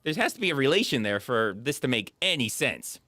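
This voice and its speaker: A man co-hosting a casual chat about movies, rambling and animated, with lots of fillers. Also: medium pitch, brisk, dry recording, clean studio sound. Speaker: podcast co-host.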